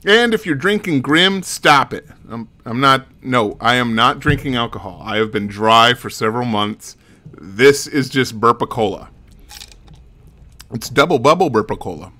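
Chatty, bright-voiced man doing game commentary. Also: mid-range voice, lively intonation, moderate pace. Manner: chatty, self-mocking asides. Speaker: let's play host. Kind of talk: casual gameplay commentary.

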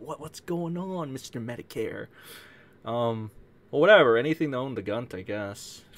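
A man's voice: a little high, a bit bright. A man doing casual reaction commentary on a call, swearing freely and mocking with laughing asides. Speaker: commentary streamer.

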